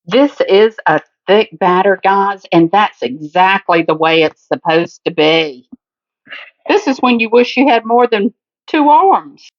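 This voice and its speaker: A woman with a Southern US accent hosts a home cooking demo in her kitchen, speaking directly to viewers and calling them "guys" and "honey." Her medium-pitched voice is animated and chatty, with a homey, measured pace, captured on lo-fi audio.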